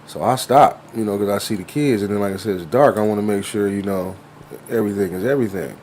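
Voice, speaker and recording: A man co-hosting a casual podcast, telling a story in a low-key, laid-back way with loose profanity. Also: quick pace, a little mellow, a little hiss or hum. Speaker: co-host.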